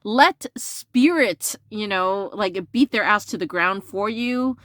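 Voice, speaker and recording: A sassy woman reads tarot in a loose, chatty monologue. She talks bluntly, swears often and leans on fillers. Her voice leaps higher when she's indignant, and the recording is dry and close. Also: a little slow, dry recording. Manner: animated jumps into a higher pitch when indignant. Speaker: tarot reader. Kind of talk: casual tarot reading monologue.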